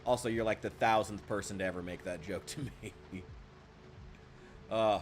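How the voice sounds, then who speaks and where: A man streaming a game, ranting heatedly with lots of swearing and answering his chat, often trailing off into quiet, muttered asides. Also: fairly low pitch, steady tone, moderate pace, soft background music. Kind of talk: casual live-stream talk, reacting to chat.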